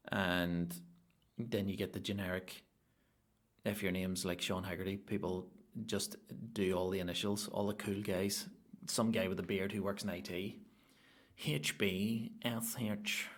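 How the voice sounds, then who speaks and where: A Northern Irish man, a stand-up comedian and podcast host, rambling through a comic monologue full of swearing and sudden loud outbursts. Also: low voice.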